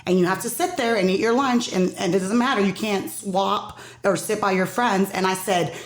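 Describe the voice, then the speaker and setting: A woman's voice: medium pitch, moderate pace. A middle-aged woman speaking as a parent guest in a casual podcast conversation, telling her story with emphasis and quoting the people in it. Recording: roomy echo.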